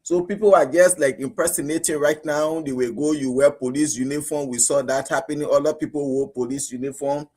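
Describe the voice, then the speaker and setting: A Liberian man giving animated talk radio commentary, acting out police stops as he argues. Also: fairly quick, hardly any pauses. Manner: animated, rising pitch when outraged, acts out police exchanges. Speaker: radio panelist.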